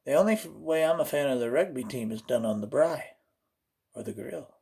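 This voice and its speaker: Gravelly-voiced Oklahoma man rambling jokingly. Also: fairly high pitch, expressive, fairly quick, darkish tone. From Oklahoma, USA. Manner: rambling, jokey, slips into put-on voices. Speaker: host. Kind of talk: comedic vlog monologue.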